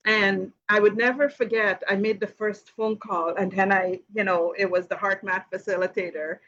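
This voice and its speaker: A woman's voice: medium pitch, fairly even intonation, moderate pace, fairly bright tone, highs cut off, a little hiss or hum. A woman hosting a live question-and-answer session, telling a personal story casually with many "you know" fillers and light laughs. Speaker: host of a live Q and A.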